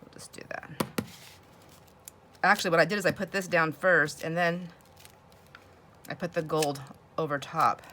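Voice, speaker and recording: A woman's voice: sits low, normal speed, pauses often, background noise. A woman hosting a crafting video, chatting casually and laughing often as she works. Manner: chatty, laughs often, talks to herself while working. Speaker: crafting channel host.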